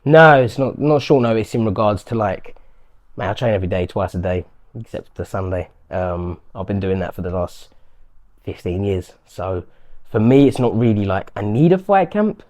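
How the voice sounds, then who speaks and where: A man's voice: lowish voice, moderate pace, a little mellow. A man, a professional fighter, chatting casually in an interview and acting out what strangers say to him. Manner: chatty, acts out quotes of strangers. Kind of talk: casual chat.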